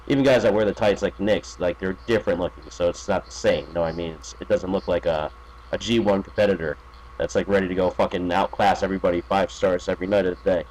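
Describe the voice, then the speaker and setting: Rambling low-voiced man. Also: fairly even intonation, fast, a little mellow, a little hiss or hum, rough recording. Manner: rambling, filler-heavy, profane. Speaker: podcast guest. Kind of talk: casual podcast chat.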